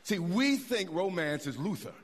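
Man pastor preaching, lively rising and falling voice, slightly high, middle-aged, talks back to the congregation. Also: normal speed, crowd noise, noisy background. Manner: animated preaching with repetitions and asides to the congregation. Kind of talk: sermon.

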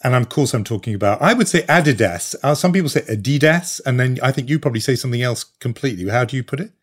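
A man's voice: mid-range voice, animated, racing, breathy edge. A British man hosting a news podcast, talking things through thoughtfully with frequent fillers and restarts. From Britain. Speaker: podcast host. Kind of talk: conversational news discussion.

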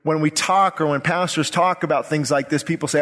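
A man's voice: a little high, fairly even intonation, a little fast, a bit bright. A male pastor preaching a sermon with urgent, impassioned delivery and repeated phrases. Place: church sanctuary. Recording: long reverb of a church hall.

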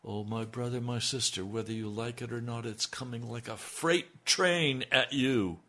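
A man preaching an impassioned radio sermon as pastor, swinging between loud emphasis and hushed, intimate lines. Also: medium pitch, moderate pace.

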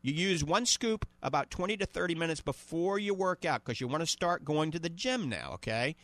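A man in his fifties with a New Orleans accent, hosting a radio call-in show and pitching a supplement, often checking in with "okay?". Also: lively intonation, a little fast, fairly bright tone, no room sound. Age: 50s. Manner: salesy, repeats "okay?" and "all right?" to the listener. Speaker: radio host selling supplements.

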